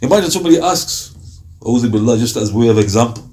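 Speaking fast in a medium-pitched voice, a man leads a Ramadan class on Quran commentary. He tells stories with energy and recites verses in Arabic.

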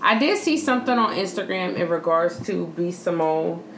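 A woman co-hosting a podcast in casual chat, relaxed, with dry asides as she recounts news. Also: lowish voice, normal speed, roomy sound, slight background noise. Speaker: podcast co-host.

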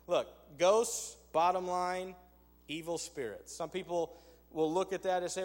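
With a voice that sits high and a slightly slow pace, a man preaches to his congregation. He's conversational and emphatic, adding rhetorical asides, and the recording carries long hall reverb.

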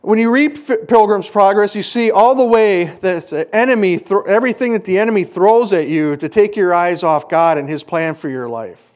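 A man's voice: high-pitched, normal speed. A middle-aged man preaching a sermon to a congregation, earnest and full of rhetorical questions.

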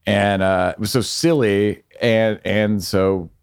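Low-voiced reflective male guest. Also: steady tone, slow pace, smooth. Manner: reflective, searches for words. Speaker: podcast guest, filmmaker. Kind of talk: casual podcast chat.

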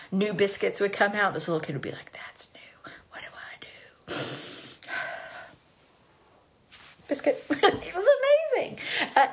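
Woman, parenting presenter, lively and conversational, quick to laugh. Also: fairly high pitch. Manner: animated and chatty, laughs often and acts out children's phrases. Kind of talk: live-streamed talk to parents.

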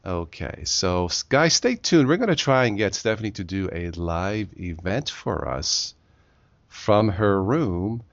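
Joking podcast host man, low voice. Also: animated, a little slow, no echo, lo-fi sound. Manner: jokey, rambling, laughs often. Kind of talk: casual chat.

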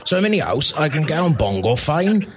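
A man's voice: fairly high pitch, big pitch swings, a little fast, voice pushed up. A man voicing a chatty Welsh lad with a Welsh accent who makes a prank phone call. He rambles, gets overly familiar and fills his talk with hesitant fillers. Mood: cheery. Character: chatty Welsh lad, friendly, says bud.

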